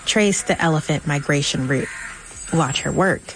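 Low-voiced woman narrator. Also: normal speed, soft background music, low-quality recording. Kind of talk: scripted narration.

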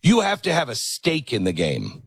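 A man's voice: mid-range voice, huge pitch swings, normal speed, vocal fry, husky, dry recording. A man hosting a political talk show, commenting with sarcastic, mocking asides.

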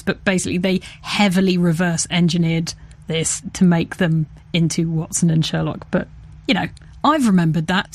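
A woman hosting a casual science chat, playful and chatty, quick to laugh and joke. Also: lowish voice. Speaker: podcast host.

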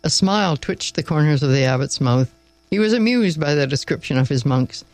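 A man hosting a story reading, narrating in a calm, measured way. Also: fairly high pitch, dry recording, low-quality recording. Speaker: storyteller host.

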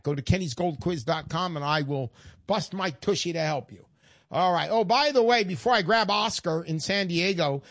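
A man's voice: sits high, creaky, a bit bright, dry recording, studio quality. An older man hosting a call-in radio show, chatty and folksy, getting emotional as he talks.

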